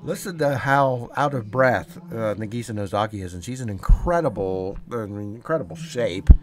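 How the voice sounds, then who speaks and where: A man's voice: fairly low pitch, expressive, normal speed. Guy doing fan commentary for wrestling, hyped and chatty, talks right to the viewers. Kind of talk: solo play-by-play commentary.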